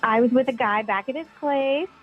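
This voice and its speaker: A woman's voice: high voice, normal speed, over loud music. A woman calling into a radio show, casually telling a dating story. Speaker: caller. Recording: tinny phone line.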